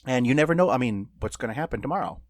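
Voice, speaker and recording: A man's voice: mid-range voice, expressive, rapid-fire, no echo, clean studio sound. A middle-aged man co-hosting a podcast, telling stories in a loose, rambling way with lots of fillers and laughs. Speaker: podcast co-host. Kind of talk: casual podcast chat.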